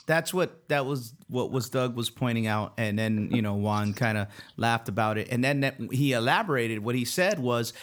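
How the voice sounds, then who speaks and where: Casting: male podcast host, slight Philly accent, loose rambling delivery, curses freely, mid-range pitch. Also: normal speed, few pauses. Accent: slight Philadelphia. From Philadelphia. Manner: rambling, profane, frequent restarts. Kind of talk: casual podcast chat.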